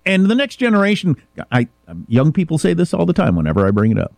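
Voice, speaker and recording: A man's voice: fast talker, gravelly, no echo. A middle-aged man from Kansas, hosting a casual talk show and telling a story with acted-out dialogue. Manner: animated storyteller, acts out dialogue, rising pitch when worked up. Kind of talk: casual talk radio chat.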